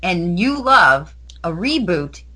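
Enthusiastic, bright-voiced woman co-host. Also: fairly low pitch, very animated, slow pace. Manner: enthusiastic, gushing. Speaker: podcast co-host. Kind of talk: casual podcast chat.

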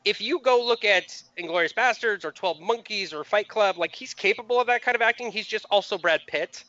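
A man's voice: sits high, bright, forceful tone, dry recording, muffled recording. A man hosting a podcast, chatting casually and explaining a quiz game in an upbeat way. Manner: quick, upbeat, explains rules. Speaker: podcast host.

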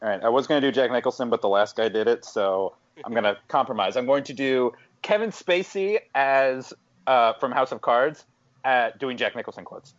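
Casting: easygoing man, mid-range pitch, casual chat, dull lo-fi sound. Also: normal speed. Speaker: podcast guest.

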